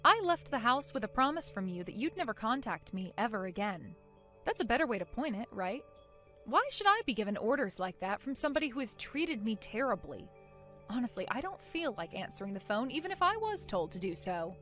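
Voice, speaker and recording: A woman voicing a calm, sarcastic young woman who talks softly and coolly in an animated story. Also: a little high, fairly quick. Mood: mocking. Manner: soft, cool, sarcastic. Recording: faint music underneath.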